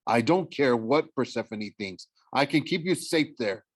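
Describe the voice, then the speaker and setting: A man's voice: mid-range voice, expressive, unhurried, dry recording. Agitated god pleading, urgent, man does the read.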